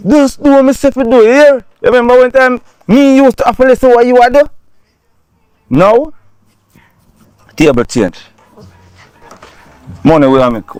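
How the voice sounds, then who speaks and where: A man's voice: very high voice, expressive, moderate pace, long pauses, darkish tone, clean tone, dry recording. A man playing a cocky Jamaican robber. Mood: gloating. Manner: boastful, laughing, bossy. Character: cocky young male street robber.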